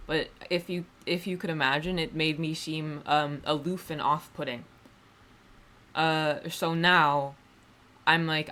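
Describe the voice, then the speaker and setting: A woman's voice: low voice, steady tone, slow, bright, forceful tone. A woman streamer chatting casually to her viewers, rambling and wry, often restarting her sentences and swearing offhandedly. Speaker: livestreamer. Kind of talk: casual livestream chat.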